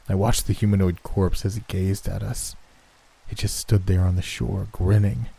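Horror storyteller: man, very low and mellow voice, measured, somber scripted narration. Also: fairly even intonation, gravelly, husky, rough recording.

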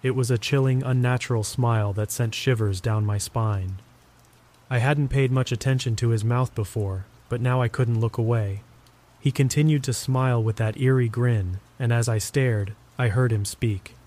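A man giving a scripted first-person horror story narration in a steady, even telling. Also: mid-range voice, moderate pace.

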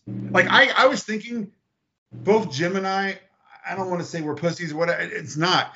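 A man telling personal stories in a casual podcast chat, animated and blunt, acting out quotes and swearing freely. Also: on the high side, moderate pace, vocal fry, muffled recording, a little hiss or hum. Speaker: podcast guest.

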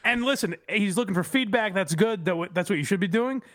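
A man's voice: high voice, brisk, a bit bright, no echo, clean studio sound. A man co-hosting a comedy podcast, giving blunt, profane commentary in casual chat. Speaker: podcast co-host.

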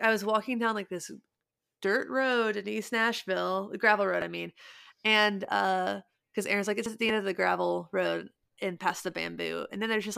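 A woman co-hosting a podcast chats casually and rambles, using lots of fillers. Her mid-range voice is gravelly yet fairly bright, clear and resonant, in clean studio sound with no room noise.

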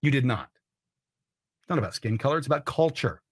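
A man's voice: medium pitch, lively intonation, brisk, breathy edge. A man hosting a political commentary show, ranting in a heated, blunt and profane way. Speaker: host.

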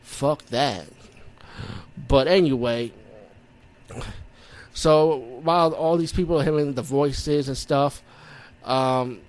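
New york guy from the bronx rambling thru a horror movie recap, swears a lot, acts out his reactions. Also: fairly high pitch. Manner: rambling, profane, animated retelling with acted-out reactions. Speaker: movie reviewer.

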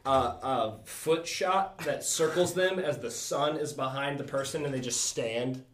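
A man co-hosting a casual movie chat, talking in a deliberate, opinionated way. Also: mid-range voice, reverberant, background noise. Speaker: podcast co-host.

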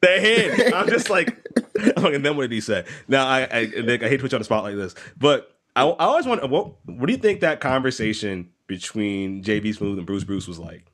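A man hosting a casual chat, excitable, laughing along and asking his guest questions. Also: mid-range voice, brisk. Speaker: podcast host.

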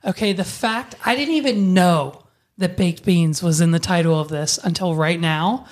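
A young adult woman hosting a casual podcast, chatty and quick to tell stories, swearing freely. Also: fairly low pitch. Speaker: podcast host.

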